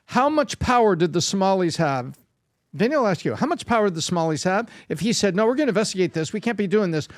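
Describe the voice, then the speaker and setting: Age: adult. Sex: man. Pitch: high. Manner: emphatic, repeats words for stress. Sound: dry studio. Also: expressive, quick pace, dry recording. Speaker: panelist. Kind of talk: animated panel commentary.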